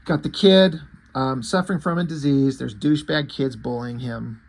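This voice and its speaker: Guy chatting about a comic, mid pitch, rambly, restarts a lot, swears casually. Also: normal speed, gravelly. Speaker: comic book reviewer. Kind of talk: casual spoken review.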